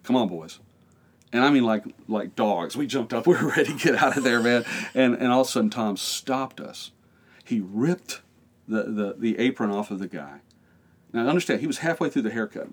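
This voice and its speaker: A middle-aged American man who is a pastor shares a lively anecdote in a podcast interview, imitating the voices of those involved and often laughing. He has a medium pitch with a breathy edge.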